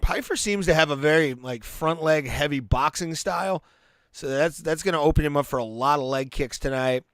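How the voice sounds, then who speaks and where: A man's voice: on the high side, moderate pace, fairly bright tone, no echo, studio quality. A man hosting a live stream, giving laid-back play-by-play and reactions to fights, with fillers and restarts. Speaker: podcast host.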